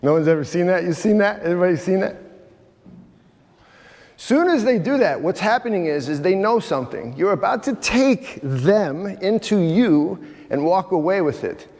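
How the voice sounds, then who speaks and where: A man's voice: sits high, animated, normal speed, a little mellow. A middle-aged man giving an emphatic talk to a men's retreat in a church, speaking straight to his audience. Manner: emphatic, addresses audience directly, acts out quoted voices. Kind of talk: animated inspirational talk. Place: large church hall. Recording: live talk in a reverberant hall.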